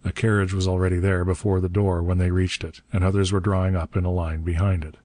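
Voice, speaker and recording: Deep-voiced male audiobook narrator. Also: flat delivery, fast, warm tone, dry recording. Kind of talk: audiobook narration of pulp adventure.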